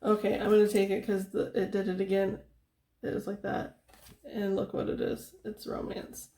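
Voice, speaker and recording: A young woman giving a casual tarot reading, soft-spoken and chatty, laughing often and filling her talk with "like". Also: mid-range voice, completely flat delivery, moderate pace, reverberant. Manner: giggly, chatty, soft-spoken, with frequent fillers. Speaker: tarot reader.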